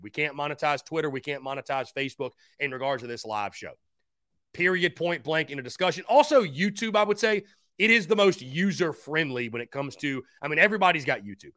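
Bright, energetic male podcast host. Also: a little high, no room sound, clean studio sound. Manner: energetic, repeats himself, talks straight to viewers; thanks fans and shouts out supporters by name. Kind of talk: live-stream call-in show chat.

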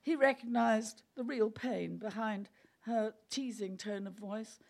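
A woman's voice: on the high side, unhurried, gravelly, a little mellow. A woman reading a story aloud, amused and often breaking into laughter. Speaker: reader.

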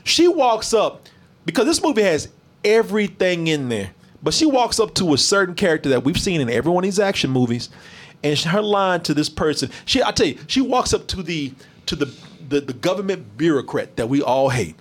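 A man hosting a casual movie review stream, animated, profane and mocking. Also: a little high, brisk.

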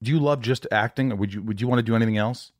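A man's voice: medium pitch, very fast, no room sound, clean studio sound. A man hosting a podcast in casual interview chat, swearing freely and acting out voices when he tells stories. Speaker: podcast host.

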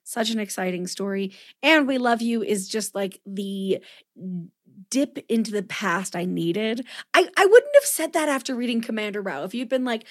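A woman co-hosting a podcast, slightly husky, gushing and joking casually with some swearing. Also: fairly high pitch, animated, normal speed, no room sound, studio quality. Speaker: podcast co-host. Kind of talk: casual podcast chat and outro.

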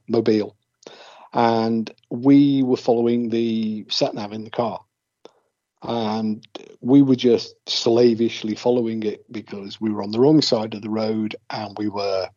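A man's voice: lowish voice, mellow. An English man with an English accent, chatting casually and telling jokey, rambling stories. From England. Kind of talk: casual chat. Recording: muffled lo-fi recording.

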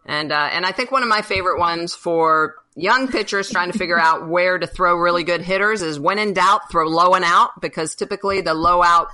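A woman's voice: lowish voice, fairly quick, hardly any pauses, sharp tone, low-quality recording. A woman co-hosting a casual sports podcast who passes along folksy coaching sayings. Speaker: podcast co-host, former pitcher.

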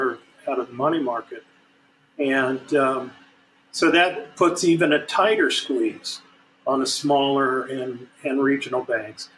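A man's voice: medium pitch, a bit bright, a little hiss or hum, low-quality recording. Man in his sixties, filler-laden expert talk. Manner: measured, many fillers and restarts. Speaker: guest banking expert. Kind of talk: podcast discussion.

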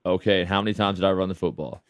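A man's voice: deep voice, racing, background noise. A man hosting a sports radio show in a studio, chatting casually and laughing, calling people man and brother. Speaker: radio show host, football quarterback. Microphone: studio microphone.

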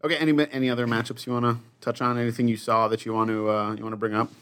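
A man from the United States co-hosts a casual soccer podcast. He talks at a rapid clip and stays playful, often joking with his co-host. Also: medium pitch, level tone, a bit bright, smooth. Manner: quick, playful, laughs while joking. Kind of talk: casual chat.

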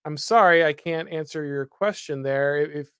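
A man's voice: fairly high pitch, moderate pace, a bit bright, clean tone, no echo. A male host casually reading viewer comments aloud with dry humor and frequent filler. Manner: dry, wry, reads chat aloud with filler "uh". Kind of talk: casual livestream chat.

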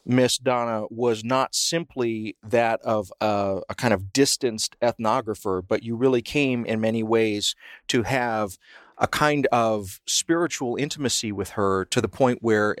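A man hosting an interview program, speaking at a middling pitch with a measured, articulate delivery. He frames long questions carefully. The sound is dry and close, as if from a studio mic. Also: no room sound. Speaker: radio show host. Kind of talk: interviewing a guest.

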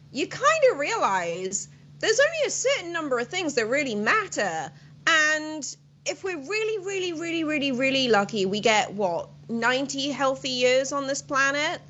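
A British woman in her late twenties chatting as a guest on a talk show, lively and full of quick asides. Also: sits high, highs cut off. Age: 20s. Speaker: guest commentator. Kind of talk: casual chat.

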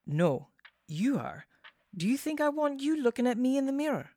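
A woman in an audio drama, playing a calm, reasoning witch. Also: sits high, normal speed, no echo.

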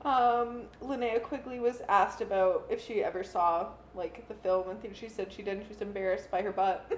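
A woman's voice: medium pitch, steady tone, normal speed, roomy sound, slight background noise, poor audio. A young woman co-hosting a podcast, chatting casually and reading out trivia with frequent giggles. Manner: giggly, reads trivia aloud. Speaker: podcast co-host. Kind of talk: casual chat about a movie.

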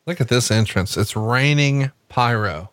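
Man, podcast host, casual chat over a wrestling match, lively storyteller, cursing, dry close sound. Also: mid-range voice, unhurried, no echo. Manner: animated storytelling, swears casually.

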